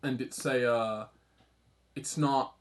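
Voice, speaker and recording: A man's voice: medium pitch, steady tone, slow pace. A young British man from the UK chatting casually on a live stream, rambling and self-deprecating, reading chat aloud and swearing offhand.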